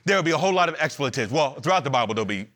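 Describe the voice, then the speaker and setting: A man preaching an animated, emphatic sermon to a church, repeating lines and joking between points. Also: on the high side, very fast. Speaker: pastor.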